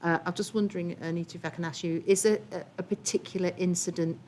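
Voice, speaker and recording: A woman moderating a panel, asking questions tentatively and gently. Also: lowish voice, fairly even intonation, fast, a little hiss or hum. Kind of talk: moderating a discussion.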